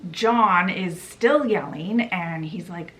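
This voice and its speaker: Woman host, casual book recap, slow delivery. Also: lowish voice. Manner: chatty, relaxed retelling.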